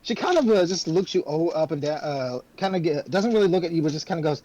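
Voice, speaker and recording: A male game master narrates a tabletop scene in a loose, halting way, full of fillers and restarts. His voice sits a little high for a man. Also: lively intonation, dark tone.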